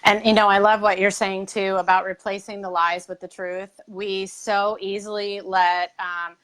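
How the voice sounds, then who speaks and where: A woman co-hosting a live coaching chat on faith and weight loss. She speaks gently and encouragingly, at a middle pitch for a woman. Her talk is steady and reassuring. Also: normal speed.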